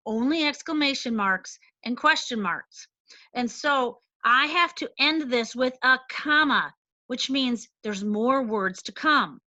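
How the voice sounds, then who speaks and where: A woman teacher explaining a lesson slowly and deliberately, stressing each point. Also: on the high side, sharp tone, dry recording, highs cut off. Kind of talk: recorded classroom lesson.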